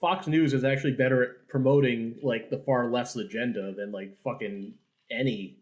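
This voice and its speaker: A man's voice: mid-range voice, steady tone, moderate pace. Sarcastic, joking podcast man. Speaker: podcast co-host. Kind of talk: casual political chat.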